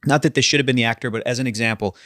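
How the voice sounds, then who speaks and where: A man co-hosting a film review podcast in casual chat, animated and slipping into exaggerated voices. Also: medium pitch, very fast, no room sound, studio quality. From United States.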